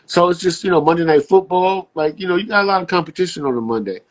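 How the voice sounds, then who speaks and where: A man in casual podcast chat as a guest, telling stories with slang and jumping up in pitch when he acts out quotes. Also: fast. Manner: animated storyteller, jumps high acting out quotes, casual slang.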